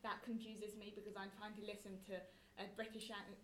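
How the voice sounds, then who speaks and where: A woman's voice: mid-range voice, level tone, brisk, echoey room, slight background noise. A woman whose first language is Mandarin, speaking as a student guest in a thoughtful, slightly hesitant way.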